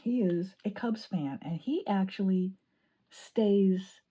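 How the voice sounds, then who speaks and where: A woman from Illinois chatting excitedly while decorating her planner, laughing often. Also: mid-range voice, takes it slowly, slightly rough, dull audio. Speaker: planning vlogger. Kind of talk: chatty crafting vlog.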